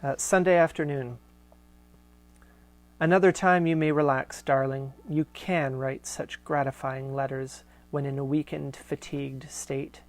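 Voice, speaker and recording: A man hosting a live show, reading archival letters aloud in a measured way with casual asides. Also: mid-range voice, steady tone.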